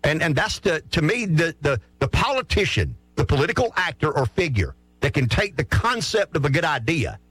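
A man hosting a morning talk radio show, talking politics in a rambling, animated way. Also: on the high side, normal speed, few pauses, slightly rough, no echo. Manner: animated, rambling, repeats words while thinking.

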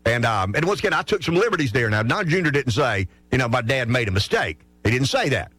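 Animated male talk radio host. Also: mid-range voice, quick pace, no echo, faint music behind. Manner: rambling, conversational, frequent restarts and asides. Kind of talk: political talk radio commentary.

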